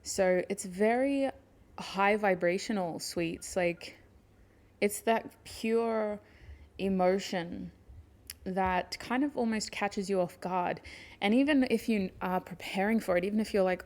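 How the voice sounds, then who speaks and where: A woman giving a pick-a-card tarot reading, speaking gently and affectionately to her viewers, teary and sniffling with emotion. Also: medium pitch, unhurried. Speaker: tarot reader.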